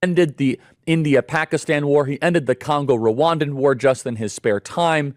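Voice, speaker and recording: A man's voice: fairly high pitch, normal speed, no room sound. A man with a slightly raised voice delivers formal political commentary, listing points steadily. The sound is dry and close.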